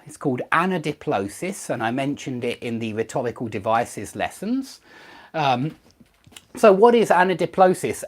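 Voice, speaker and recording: Woman teacher, deep voice, very animated delivery, explanatory and emphatic. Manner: explanatory, emphatic, with frequent fillers. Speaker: English teacher. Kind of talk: online grammar lesson.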